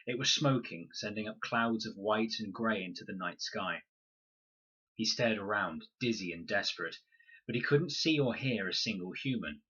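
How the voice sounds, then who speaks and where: A man reading a children's novel aloud in measured, expressive storybook narration. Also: lowish voice, breathy edge, dull audio. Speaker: reader.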